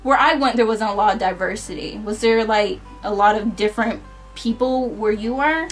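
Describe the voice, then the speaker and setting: A woman's voice: medium pitch, moderate pace, faint music behind. A young woman with a Southern American accent, a university student chatting casually and asking lots of questions. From southern United States. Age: young adult. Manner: chatty, filler-heavy, asks questions. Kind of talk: casual chat.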